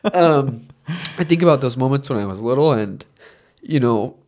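A man's voice: mid-range voice, lively intonation, normal speed, a little mellow. Male podcast co-host, casual film review chat, earnest, emotional, meandering. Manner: earnest, emotional, rambling with many fillers.

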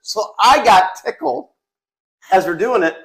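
A man co-hosting a family podcast, telling funny stories in a lively, casual way and often cracking up as he talks. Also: high voice, measured pace, vocal fry. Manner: animated storyteller who breaks into laughter. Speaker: podcast co-host.

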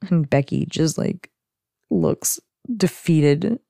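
Chatty woman recapping a sitcom, mellow tone. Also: low voice, extremely slow, vocal fry, dry recording, studio quality. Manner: chatty, giggly, frequent "like". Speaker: podcast host. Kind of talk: casual episode recap.

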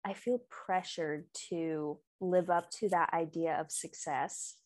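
A young woman co-hosting a casual podcast chat, talking quickly with lots of fillers and laughing easily. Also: lowish voice, fairly even intonation, no room sound. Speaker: podcast co-host.

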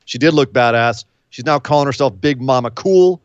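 A man holds forth in easy podcast chatter, animated and quick with incredulous asides. His voice sits at an ordinary middle pitch. The recording is dull and lo-fi, with a dry, close sound. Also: clean tone, dry recording. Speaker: podcast co-host. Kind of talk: casual wrestling chat.

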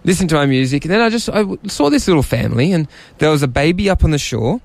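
A man's voice: a little high, big pitch swings, quick pace, creaky, dry recording. A young man, casually telling a story on a chat show in a rambling, self-mocking way. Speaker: podcast co-host telling a story.

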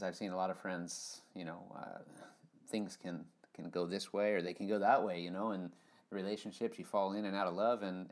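A man with a very low voice tells stories on a podcast. He rambles and restarts often, leaning on fillers as his energy rises and falls. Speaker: podcast guest. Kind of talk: casual storytelling.

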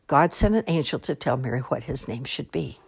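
A patient, slightly flustered mother gently corrects unruly children at a rehearsal, as a woman reading aloud voices her. Her voice is a touch husky and moves around a lot in pitch. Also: expressive, brisk, full character voice. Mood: explaining.

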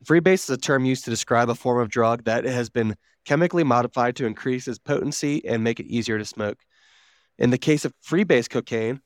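A man's voice: mid-range voice, clean tone, no echo, studio quality. A man co-hosting a podcast, reading out notes in a casual, swearing manner while wheezing from asthma. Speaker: podcast co-host.

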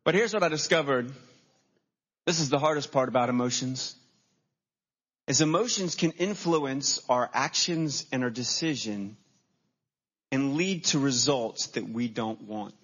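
A man's voice: medium pitch, measured pace, pauses often, a bit bright. A man preaching a sermon as a pastor, telling stories animatedly and acting out his own reactions on a church stage. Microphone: handheld microphone. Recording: dull lo-fi sermon recording.

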